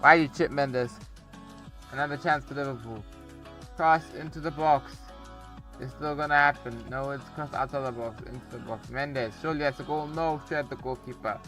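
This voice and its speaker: A young man commentating a football video game on a borrowed microphone, with excitable play-by-play and rambling asides. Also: mid-range voice, normal speed, faint music behind. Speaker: gaming YouTuber. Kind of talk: casual gameplay commentary. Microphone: borrowed cheap microphone.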